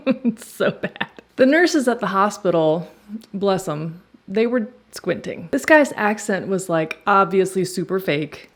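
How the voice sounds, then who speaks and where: A woman hosts a casual true crime vlog and walks through the case while doing her makeup. Her delivery is playful and conversational, with jokey asides and little laughs. Her voice sits at an ordinary middle pitch. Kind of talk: chatty true crime storytelling.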